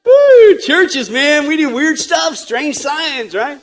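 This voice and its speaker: A man's voice: very high voice, takes it slowly, bright, forceful tone. A man preaching a sermon as pastor, joking and conversational with rhetorical asides, and growing emphatic and urgent.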